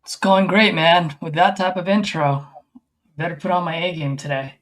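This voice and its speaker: A man's voice: a little high, steady tone, moderate pace, a bit bright, rough recording. A man guesting on a livestream who talks in an easygoing, joking, self-deprecating way. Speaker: guest sales closer. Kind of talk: casual livestream chat.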